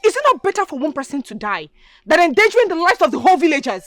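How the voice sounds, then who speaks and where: A woman's voice: high-pitched, sing-song, rapid-fire. A Nigerian woman acting in a village film drama, quarreling with insults and slipping into Igbo. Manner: shouting insults, mixing in Igbo phrases.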